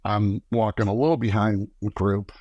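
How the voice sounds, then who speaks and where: A middle-aged man, a guest on a podcast, telling lively stories and acting out the lines of people he quotes. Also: on the low side, moderate pace, no room sound, dull audio. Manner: animated storyteller acting out quoted dialogue. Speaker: podcast guest, former camera operator. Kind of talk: casual storytelling interview.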